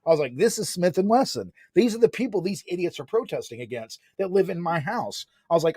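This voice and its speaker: Man, 40s, casual storyteller, slangy and lively, a bit high, dry sound. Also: a little fast, hardly any pauses, breathy edge, dry recording. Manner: animated, slangy, lots of "man" and "right?".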